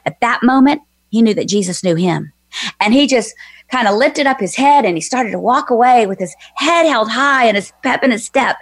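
A woman's voice: on the high side, no echo. Earnest woman telling a heartfelt story. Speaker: guest, author and former minister. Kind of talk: personal storytelling on a faith show.

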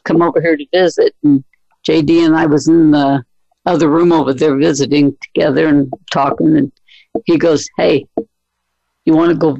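A man telling animated family stories in casual conversation. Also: on the high side, moderate pace, creaky, no echo, muffled recording. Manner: animated storyteller. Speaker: family friend visiting. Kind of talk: casual storytelling among family.

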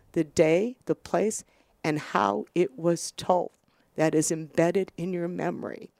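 A middle-aged American woman, a doctor hosting her own show, telling a personal story in an earnest, reflective, quiet way with some halting restarts. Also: on the low side, gravelly, no room sound.

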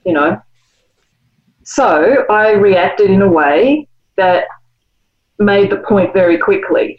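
A woman guest and author, explaining ideas in a measured, reflective way. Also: medium pitch, highs cut off. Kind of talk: conversational interview.

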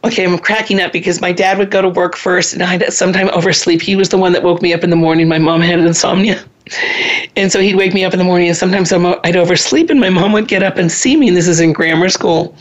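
A woman in her 60s talks quickly in a lowish voice with fairly even intonation. She hosts a parenting talk, turning it into a chatty, conversational lecture with asides, personal stories, and laughs at her own expense.

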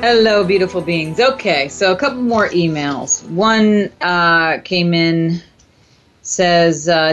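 A woman's voice: fairly low pitch, slow, fairly bright tone, faint music behind. A woman hosting a self-help radio talk show, coaching a listener emphatically and repeating phrases in chant-like sequences. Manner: addresses listener tenderly as "my dear".

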